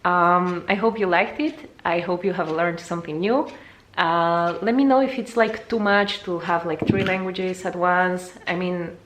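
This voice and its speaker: A young woman, not a native English speaker, teaching a casual video language lesson in a chatty way, jumping high in pitch to show words. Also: a little slow. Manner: lively, jumps high to demonstrate words, chatty with fillers.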